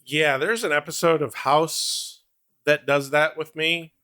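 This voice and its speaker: A man co-hosting a podcast, recapping a TV episode in animated casual chat, laughing often and swearing. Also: a little high, measured pace. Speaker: podcast co-host.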